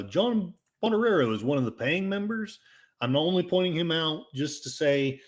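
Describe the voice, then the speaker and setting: A man with an Oklahoma accent hosting a casual livestream, reading chat comments in a rambling, jokey and self-mocking way. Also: on the high side. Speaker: livestream host.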